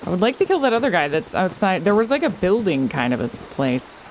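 A woman's voice: lowish voice, sing-song, fairly quick, a little mellow, slight background noise. A woman casually commenting on her own video game play, chatting to the enemies and exclaiming at close calls. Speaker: gamer streamer.

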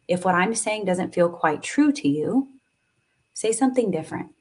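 Husky-voiced woman guiding a tapping session. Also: on the low side, animated, moderate pace. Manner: soothing, coaxing, emotional at times. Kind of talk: live-streamed guided tapping session.

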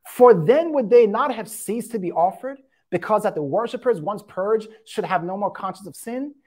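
A woman's voice: mid-range voice, lively intonation, moderate pace, a little mellow. A woman preaching a sermon, reading scripture aloud and explaining it, with frequent emphatic asides. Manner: emphatic, repeats "watch this".

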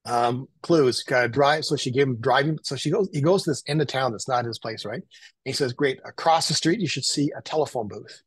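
A man, telling lively anecdotes as a photographer guest and acting out what people said. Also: mid-range voice, brisk, slightly rough, no room sound, poor audio. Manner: animated anecdotal, acts out quotes. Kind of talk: casual storytelling.

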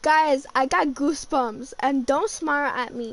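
A woman's voice: sits high, a little slow, a bit bright. A woman giving live commentary on a horror game, jumpy and stammering, full of exclamations. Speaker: gamer streaming a horror ride.

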